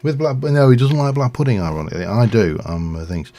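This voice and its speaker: A middle-aged man livestreams a game and chats casually in a rambling way, full of fillers and chuckles. His medium-pitched, mellow voice is very animated and moves at a quick pace.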